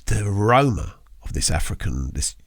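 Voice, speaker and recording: A middle-aged man hosting a casual interview, telling lively stories, swearing casually and acting out the people in them. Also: lowish voice, normal speed, dry recording, studio quality. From England. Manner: animated storyteller, swears casually, acts out quoted voices. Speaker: podcast host.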